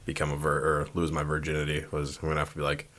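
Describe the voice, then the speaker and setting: Young male co-host, very low voice, jokey and profane, riffs with impressions. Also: monotone, a bit bright. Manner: joking, swears, slips into quick impressions. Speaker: podcast co-host. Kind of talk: casual chat. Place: small spare room used as a home studio.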